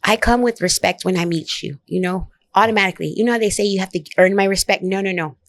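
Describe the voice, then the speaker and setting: A woman comedian telling a story in a casual interview, blunt and profane, animated as she talks. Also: medium pitch, fast, dry recording. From Oak Cliff, Dallas area, Texas. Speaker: comedian guest.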